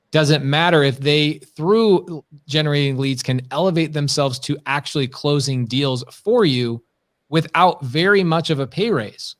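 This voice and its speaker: A man co-hosting a live business stream, talking emphatically in rhetorical questions. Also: a little high. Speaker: podcast co-host.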